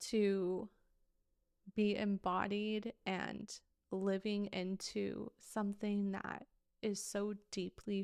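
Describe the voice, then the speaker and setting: A woman's voice: mid-range voice, gravelly, a little mellow, dry recording, studio quality. A woman in her thirties hosting a podcast, telling a personal story in a candid, emotional way with casual swearing. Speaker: podcast host.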